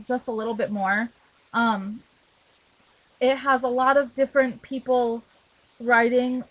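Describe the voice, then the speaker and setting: A young woman with a fairly high voice chats to camera about her books. She talks earnestly, stumbling through fillers and restarts. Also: low-quality recording. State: emotional, holding back tears. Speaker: book vlogger. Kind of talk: casual talk to camera.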